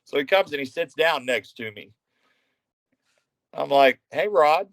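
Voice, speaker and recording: A retired pro wrestler from Texas telling profane, animated stories as a podcast guest. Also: male voice, medium pitch, unhurried, vocal fry, no echo, poor audio. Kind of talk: casual storytelling.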